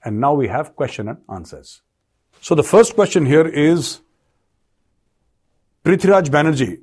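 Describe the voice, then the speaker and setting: A man's voice: a little high, sing-song, measured pace, a little mellow, slightly rough. A man giving direct-to-camera commentary and answering viewer questions, emphatic and repeating his key points. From India. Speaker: defence commentator and show host.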